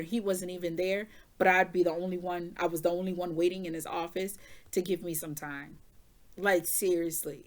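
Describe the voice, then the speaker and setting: A woman tarot reader telling a personal story to her viewers in a candid, emotional way, swearing freely. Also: medium pitch.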